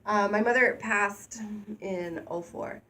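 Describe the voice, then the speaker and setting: A woman co-hosting a casual talk show, candid and animated, speaking openly and getting louder when she is excited. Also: medium pitch, takes it slowly. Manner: candid, animated, self-deprecating, gets loud when excited. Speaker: co-host. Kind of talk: casual conversational podcast chat.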